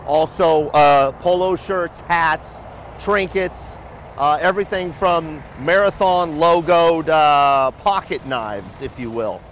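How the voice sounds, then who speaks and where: A man's voice: a little high, slow, a little hiss or hum. Upbeat joking man hosting a walkaround tour. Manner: upbeat, joking, loud and lively. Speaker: host of a company video show. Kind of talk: casual walking tour vlog. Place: outdoors by a building, then indoors in a lobby and shop.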